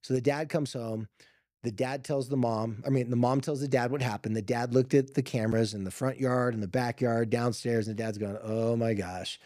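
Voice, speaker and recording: A man hosting a podcast, retelling a family story in a casual, lively way with filler words and quoted voices. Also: medium pitch, fairly quick, no echo, studio quality. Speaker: podcast host. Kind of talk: storytelling monologue.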